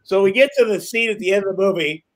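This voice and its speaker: A man on a podcast as a guest, telling rambling, animated stories, swearing and laughing as he goes. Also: sits high, fast talker, rough recording. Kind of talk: casual chat.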